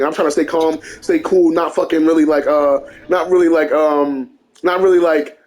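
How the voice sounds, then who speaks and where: A young man telling a personal story in casual, animated talk, swearing and piling on fillers. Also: a little high, moderate pace. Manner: animated, profane, lots of fillers and restarts.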